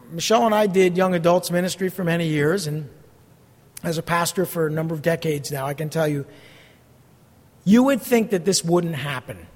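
A middle-aged man preaching a sermon as pastor, earnest, blunt and emphatic as he teaches from scripture. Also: high-pitched. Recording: long hall reverb.

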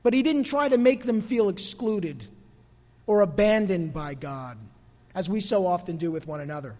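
A man preaching a conversational sermon as pastor, dropping quiet for emphasis and rising for asides. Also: high voice, expressive, moderate pace, long reverb tail. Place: church sanctuary.

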